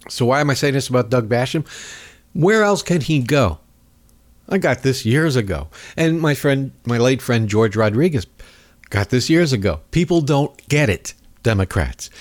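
On a studio microphone, a man with a medium-pitched, darkish voice hosts a talk radio show. His casual political monologue rambles along, sarcastic and peppered with mocking asides.

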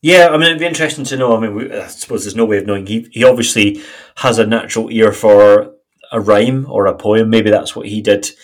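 A man's voice: lowish voice, fairly quick. A man in his forties co-hosting a podcast, talking in a rambling, conversational way. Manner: rambling and conversational, with frequent fillers. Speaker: podcast co-host. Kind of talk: casual chat.

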